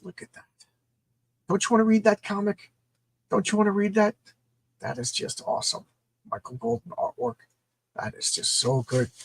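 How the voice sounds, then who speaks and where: A man's voice: a little high, a little mellow, husky, no echo. A middle-aged man reviewing comic books in a casual, enthusiastic, rambling way. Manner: enthusiastic, rambling, repeats words.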